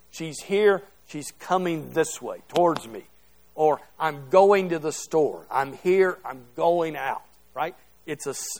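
A middle-aged man teaching a Bible class to a group, talking conversationally and checking in with "okay?" as he goes. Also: on the high side. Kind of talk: interactive Bible class lecture. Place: classroom or church hall with a group.

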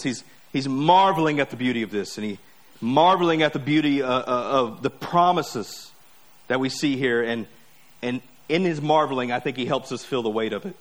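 A man preaching a sermon as pastor, earnest and measured, building his points through repetition. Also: fairly high pitch, a bit bright.

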